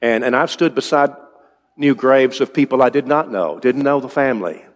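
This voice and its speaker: A man's voice: mid-range voice, normal speed. A male preacher giving an evening sermon in a conversational way, asking his congregation questions. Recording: long reverb in a large hall.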